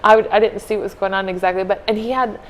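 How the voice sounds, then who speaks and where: A woman co-hosting a podcast, telling a heartfelt story in an earnest, casual way and softly acting out what people said. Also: mid-range voice, fairly even intonation, quick pace, crowd noise, rough recording. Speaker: podcast co-host.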